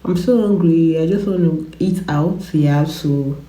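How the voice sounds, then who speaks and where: A woman's voice: sits low, a little slow, warm tone, echoey room. A woman in her twenties with a cough, chatting to camera, rambling and repeating herself. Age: 20s. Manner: chatty, rambling, repeats words, laughs often. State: has a cough. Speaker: vlogger. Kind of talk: casual chat to camera. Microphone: phone camera.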